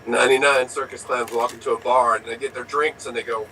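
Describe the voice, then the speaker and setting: A man telling improv jokes in a low-key way, his voice trailing off quietly. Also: level tone, fast, a little hiss or hum. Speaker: improv player. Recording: distant mic.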